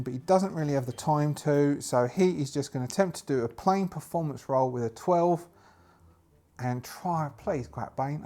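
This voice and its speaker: A man's voice: fairly high pitch, mellow. Chatty man narrating a solo tabletop game. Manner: chatty, thinks aloud over dice rolls.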